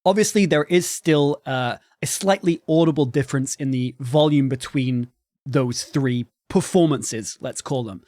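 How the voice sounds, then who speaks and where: A man hosting a tutorial on microphone quality for live streaming, explaining clearly and demonstrating his voice at different volumes. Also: mid-range voice, unhurried, mellow, no room sound, studio quality. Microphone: studio microphone with processing.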